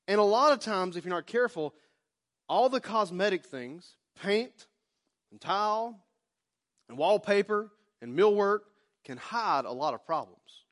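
A pastor in his forties with a drawl delivers a sermon like a casual chat, slipping into little acted-out asides. His voice sits a touch high for a man. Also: fairly bright tone. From Oklahoma. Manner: folksy, conversational preaching with acted-out asides.

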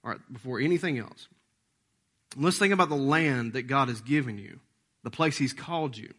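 A man's voice: medium pitch, moderate pace, a bit bright. A man, preaching a sermon as pastor in a folksy, joking way, often slipping into playful voices.

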